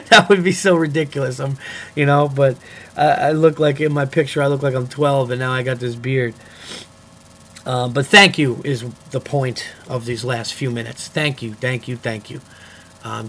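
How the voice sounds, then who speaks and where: A man's voice: medium pitch, a bit bright, slight background noise. A young man hosting his own podcast, talking alone in a goofy, rambling way and swearing freely. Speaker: comedian podcast host. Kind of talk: casual solo podcast monologue.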